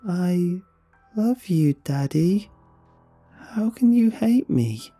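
A man's voice: sits high, animated, extremely slow, warm tone, husky, faint music behind, pitched above the performer's own voice, exaggerated voice. A man voicing a creepy little girl's voice worn by an inhuman thing, sing-song and drawn out. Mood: sinister. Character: creepy little girl voice of a skin-wearing thing.

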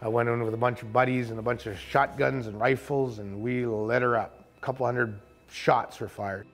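A man who runs a kayak camp and tour boat, telling a first-person story in a vivid, colloquial way with quick asides. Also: mid-range voice, fairly even intonation, soft background music.

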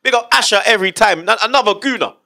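A man hosting casual football banter, animated and laughing often, full of slang. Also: sits high, quick pace, gravelly. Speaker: host.

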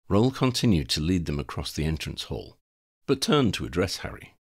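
Deep-voiced male storyteller. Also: sing-song, normal speed, breathy edge. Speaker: audiobook reader. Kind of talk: fan fiction audiobook narration.

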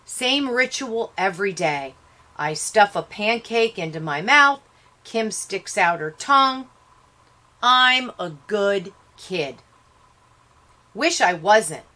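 Slow, bright-voiced woman reading aloud. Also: medium pitch. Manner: expressive reading in short paced phrases. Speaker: teacher reading a novel aloud. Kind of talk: read-aloud lesson with explanations.

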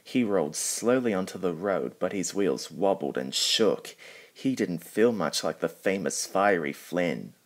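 A man reading a children's picture book aloud in a lowish voice. He goes very slowly and carefully, pausing between phrases. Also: expressive. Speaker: storybook reader. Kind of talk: storybook narration.

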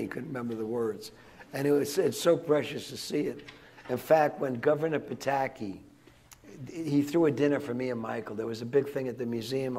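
A man's voice: medium pitch, creaky, darkish tone, husky. An older man speaking as a guest to students, telling rambling, digressive stories with frequent restarts and chuckles. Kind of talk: rambling anecdotal storytelling to students. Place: in front of a live audience.

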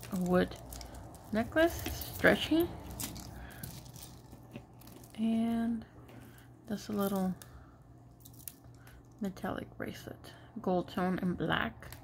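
A woman's voice: medium pitch, vocal fry, darkish tone, a little hiss or hum. A woman vlogger in casual show-and-tell commentary, chatting and murmuring remarks about each item at home, with Spanish asides now and then. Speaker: jewelry vlogger.

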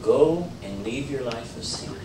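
A man giving an informal sermon in a church, talking in a conversational way with many fillers and restarts, rising into animated emphasis. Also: mid-range voice, measured pace, noisy background. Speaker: preacher. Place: church sanctuary. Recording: roomy church audio, mic at a distance.

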